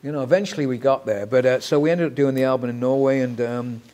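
Talking fast in a mid-range voice, a man from Manchester, England, swaps stories in a casual interview about his work as a musician and actor. His accent is mid-Atlantic, part Mancunian and part American; he swears freely, tells animated anecdotes, and trails off softly.

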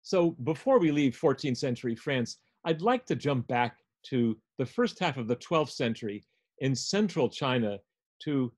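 A man's voice: medium pitch, a little mellow. An older man lecturing on music, explaining a score step by step as he guides listeners through it.

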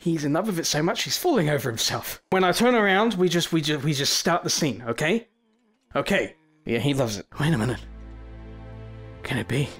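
A young man narrates his VR zombie game with quick sarcastic asides. His voice sits fairly high for a man and jumps into panicked yelps. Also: animated, faint music behind. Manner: sarcastic running commentary, bursts into panicked yelling. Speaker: gaming YouTuber. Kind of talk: let's play commentary.

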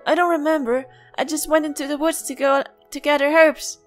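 A woman's voice: high-pitched, steady tone, a little fast, voice pushed up, natural voice. A woman voicing a small, polite and curious village child who talks earnestly and sometimes stumbles over words, as a fan voice-over of game dialogue. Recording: faint music behind.

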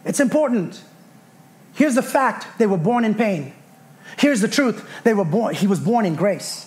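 A man with a notably high voice delivers a fervent sermon from a church pulpit. He preaches with passion and keeps calling the congregation to answer him. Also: animated, measured pace, darkish tone. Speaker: pastor. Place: church sanctuary.

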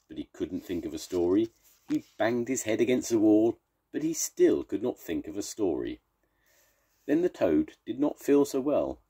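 Expressive older man reading a story. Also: sits low, husky. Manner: slow, expressive read-aloud with warm sign-offs. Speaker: grandfather reading aloud.

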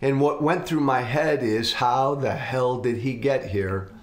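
Slow, earnest middle-aged man. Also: mid-range voice, slight background noise. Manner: earnest, confessional, slow and deliberate. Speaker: political commentator, host. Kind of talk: reflective monologue. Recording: roomy echo.

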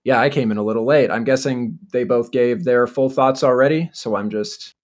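A man's voice: medium pitch, moderate pace. A man from Canada who makes videos for fun, a guest on an online panel, giving his views in a chatty, opinionated way. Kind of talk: casual online discussion.

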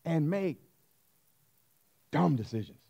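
Animated preaching man. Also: a little high, takes it slowly, creaky, breathy edge. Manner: emphatic preaching, repeating phrases, calling out to the congregation. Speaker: pastor. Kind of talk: sermon.

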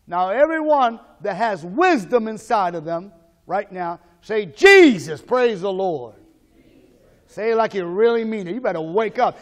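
A man with a high-pitched voice delivers a sermon as pastor. He leads the congregation in call-and-response lines and swings between quiet, murmured prayer and loud, urgent exhortation. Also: lively intonation, moderate pace, gravelly.

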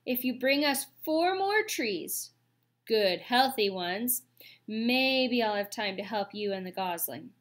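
A woman's voice: on the high side, lively intonation, slow pace. A woman voicing a stubborn, grumbling male beaver, a father of the family. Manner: gruff, grumbling.

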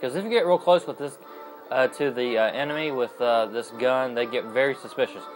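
A young man narrates his gameplay in a casual, chatty way. He rambles and often stops to correct himself. His voice sits at a middle pitch for a man. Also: fairly quick, faint music behind, rough recording. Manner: rambling and chatty, with many fillers and self-corrections. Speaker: gaming video host. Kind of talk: casual let's-play commentary.

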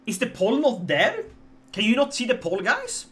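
A man with a Swedish accent commentating his live game stream, joking and animated as he talks to chat. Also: very high voice, moderate pace.

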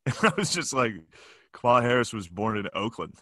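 A man's voice: medium pitch, big pitch swings, normal speed, pushed and bright. A man hosting a casual podcast chat, telling family stories through frequent laughter and mimicking his dad. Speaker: podcast host.

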